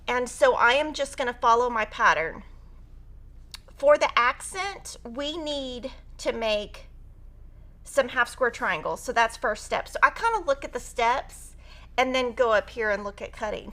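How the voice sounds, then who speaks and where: A woman's voice: on the high side, a little slow, fairly bright tone. A woman teaching a quilting tutorial on a live stream, chatty and upbeat as she talks through cutting fabric. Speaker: quilting instructor.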